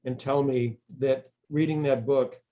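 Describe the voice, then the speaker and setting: A man's voice: mid-range voice, fairly even intonation, measured pace, mellow. A man, an author being interviewed, talking casually and telling stories with frequent restarts and fillers. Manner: rambling storyteller, frequent restarts.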